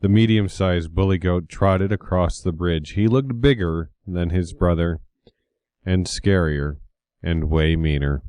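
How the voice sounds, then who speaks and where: A man reading a children's picture book aloud in a slow, expressive storytelling voice. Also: deep voice, dry recording, studio quality.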